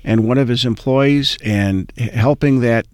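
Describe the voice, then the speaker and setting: A man's voice: medium pitch, unhurried, darkish tone, smooth, dry recording, clean studio sound. A man hosting an interview, talking in long rambling stretches full of restarts and filler words. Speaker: interview host. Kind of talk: conversational interview.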